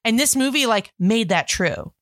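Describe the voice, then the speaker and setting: A woman co-hosting a casual movie podcast, retelling scenes in an animated, gushing way. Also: on the high side, moderate pace, dry recording, clean studio sound. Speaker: podcast co-host.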